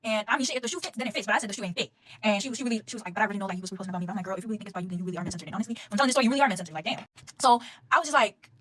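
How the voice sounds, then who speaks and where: Woman, very fast delivery, profane, exasperated, casual storytime. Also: medium pitch, a bit bright.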